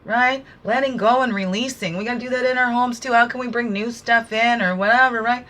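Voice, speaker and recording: A woman's voice: fairly high pitch, steady tone, brisk, a bit bright. A woman talking through an oracle card reading, giving casual, earnest spiritual guidance with preachy asides.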